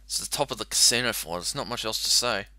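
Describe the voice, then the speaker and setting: A man's voice: fairly low pitch, quick pace, bright, forceful tone, dry recording. A man casually commentating on an old adventure game, chatty and crude. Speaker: let's play host.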